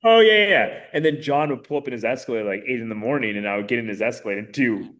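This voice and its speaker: A man in his thirties, a podcast guest, telling his story in a casual, animated way with many fillers. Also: medium pitch, fast talker. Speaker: podcast guest, mayoral candidate.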